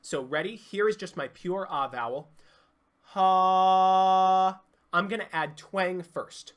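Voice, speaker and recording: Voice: mid-range voice, animated, normal speed, a bit bright. Instructive singing coach explaining technique. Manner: clear, instructive, demonstrates sounds. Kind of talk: online vocal lesson.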